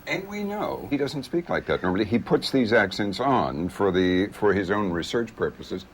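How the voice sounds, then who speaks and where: A man's voice: on the low side, sing-song, moderate pace, a little hiss or hum. A male interviewer asking thoughtful, probing questions.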